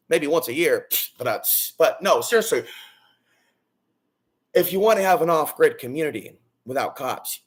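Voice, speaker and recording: Booming, rambling man vlogger. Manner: loud and booming, swings from excited to low and hushed. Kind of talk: rambling monologue to camera.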